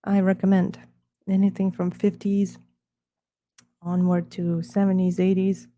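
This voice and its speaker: A woman's voice: medium pitch, flat delivery, a little slow, dark tone. A woman chatting casually on a live stream while she draws, rambling and talking to herself in murmured asides.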